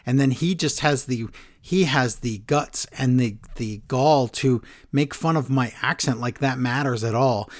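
A man's voice: medium pitch, measured pace. A man co-hosting a casual podcast, talking in a sarcastic, joking way. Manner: sarcastic, does mocking impressions. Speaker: podcast co-host. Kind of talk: casual wrestling chat.

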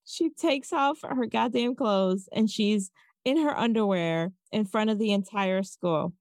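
A woman recapping a movie in casual chat, animated and sarcastic, swearing freely. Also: medium pitch, unhurried, no echo, studio quality.

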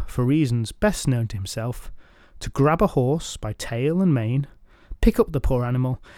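A man's voice: medium pitch, a little mellow, dry recording, clean studio sound. A man narrating a folk tale in a wry, dryly humorous scripted style. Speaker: storyteller.

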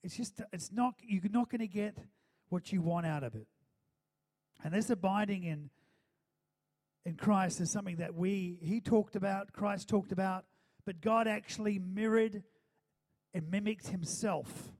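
A male pastor addresses his congregation in church, shifting between a loose, chatty sermon and prayer in an unhurried, conversational preaching style. His voice sits slightly high for a man yet sounds dark and mellow. He frequently checks in with a questioning "amen?" and his speech is full of fillers and restarts.

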